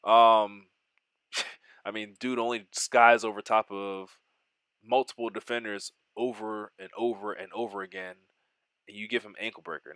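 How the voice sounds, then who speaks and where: A man giving excitable play-by-play of his own football video game, mixing in joking, self-deprecating asides. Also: on the low side, moderate pace, clean tone, dry recording. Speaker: gaming YouTuber.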